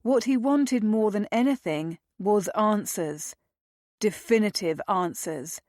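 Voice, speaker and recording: A woman reads a historical romance aloud in a measured, dramatic way. She takes her time with every line, unhurried and even. The sound is close and dry. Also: medium pitch, dry recording. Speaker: narrator. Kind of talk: audiobook narration.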